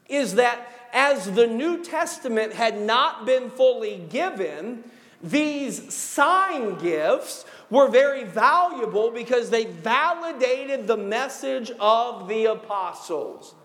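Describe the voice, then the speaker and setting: A male pastor with a high voice delivers a sermon, working through his points one by one and drawing out the words he wants to land. His voice rings with a long reverb, as if it were caught in a large sanctuary. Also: very animated, a bit bright. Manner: emphatic, numbered points, slows to stress key words. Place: church sanctuary.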